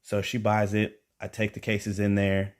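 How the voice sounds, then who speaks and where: Deep-voiced man telling a stand-up story. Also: measured pace, smooth. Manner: animated, acts out quotes with rising emphasis. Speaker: stand-up comedian.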